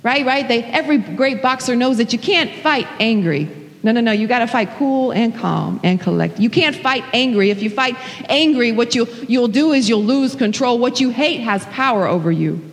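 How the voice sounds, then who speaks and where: Woman pastor preaching hard, high voice, repeats herself, big echoey church. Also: moderate pace. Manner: impassioned preaching, repeats phrases, exclaims. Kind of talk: sermon. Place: church sanctuary. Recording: hall reverb.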